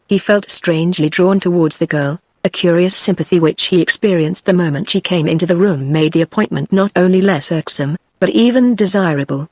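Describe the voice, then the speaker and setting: A computer-voiced woman with a British English accent reading a novel aloud in an even, scripted narration. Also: lowish voice, moderate pace, dry recording. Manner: even synthetic reading, reads out punctuation. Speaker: audiobook narrator.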